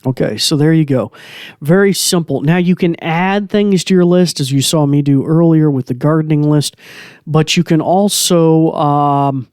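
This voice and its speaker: Casual male podcast host, rather high voice, dry studio sound, chatty with fillers. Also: normal speed, a little mellow, no room sound. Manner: chatty, loose, many fillers. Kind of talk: casual tech tutorial. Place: small home studio.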